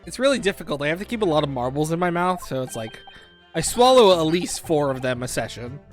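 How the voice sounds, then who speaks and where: A man's voice: a little high, big pitch swings, fast, faint music behind. A man streaming a game playthrough with friends, joking and self-mocking in casual banter.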